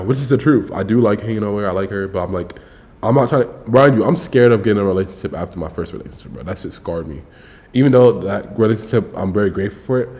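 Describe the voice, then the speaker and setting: A young man on a casual livestream, telling a dating story in a loose, rambling way and saying "bro" constantly. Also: low-pitched. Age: young adult. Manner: rambling, self-interrupting. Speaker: streamer.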